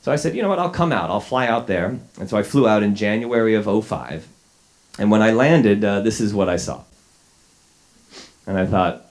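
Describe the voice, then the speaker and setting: A man's voice: on the low side, a little fast, a little mellow. A man in his forties, a journalist, telling a wry, self-deprecating story to a live audience, a little sick, with plenty of fillers and restarts. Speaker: journalist giving a talk. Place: lecture hall with a live audience.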